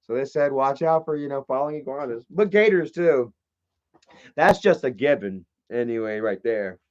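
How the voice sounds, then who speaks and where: A man's voice: medium pitch, lively intonation, normal speed, a little mellow, muffled recording. A man in a casual live stream, rambling, joking and swearing as he opens fan mail. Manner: rambling, profane and jokey.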